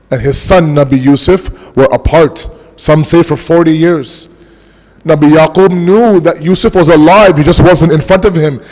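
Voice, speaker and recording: A man giving an impassioned mourning sermon as a majlis speaker, slowing his words for emphasis. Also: fairly high pitch, darkish tone. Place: large mosque hall. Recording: long mosque hall reverb.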